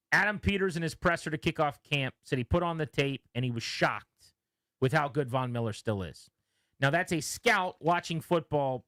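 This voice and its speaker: A man's voice: on the high side, no echo. A man hosting a sports radio show, telling stories about players and quoting them as he talks shop. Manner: animated storytelling, quotes players. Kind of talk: casual sports talk.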